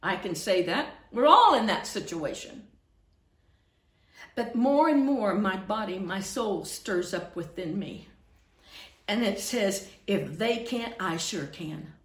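A woman's voice: medium pitch, lively intonation, slow pace, pauses often. Fervent preaching woman in an echoey room. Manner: fervent, swings from loud scolding to hushed earnestness. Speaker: pastor. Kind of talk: preaching to camera.

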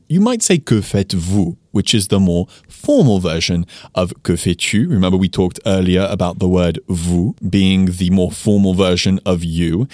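Male teacher, podcast host: low, animated delivery, slows down on example phrases, dry booth sound. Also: dry recording. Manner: lively, explains with slowed-down French examples. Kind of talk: casual podcast lesson.

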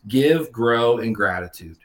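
A man's voice: medium pitch, lively intonation, a little slow. A man in his fifties co-hosting, talking with enthusiasm and repeating words as he goes. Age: 50s. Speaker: co-host. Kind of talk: casual chat.

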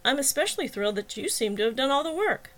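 A bubbly, chatty young woman in a college dorm, as an audiobook reader puts her on. She sounds eager and talks excitedly about her plans, her voice sitting fairly high. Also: quick pace.

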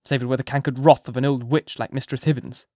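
A worried clergyman begs earnestly in a firm, lifted voice, as a male narrator plays him. The delivery is measured and old-fashioned. The recording is close and dry. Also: medium pitch, little pitch movement, darkish tone, no echo, natural voice. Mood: imploring. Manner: earnest, imploring.

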